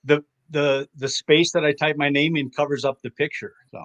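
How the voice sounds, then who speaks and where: A man's voice: fairly high pitch, flat delivery, normal speed, fairly bright tone, dull audio. A man playing along in a casual comedy game, good-humored and joking. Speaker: game contestant. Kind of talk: casual banter.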